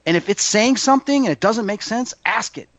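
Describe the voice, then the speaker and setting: A man's voice: fairly quick, no room sound. A man, a psychic medium, chatting in an interview and acting out the voices in his stories. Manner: animated storyteller, acts out quotes in a higher voice. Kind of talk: casual interview chat.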